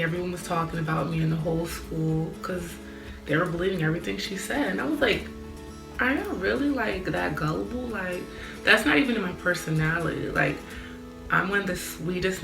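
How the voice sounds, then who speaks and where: A woman's voice: fairly low pitch, gravelly, reverberant. A young woman sharing a personal faith testimony in a candid, earnest way, with lots of "like". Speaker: vlogger.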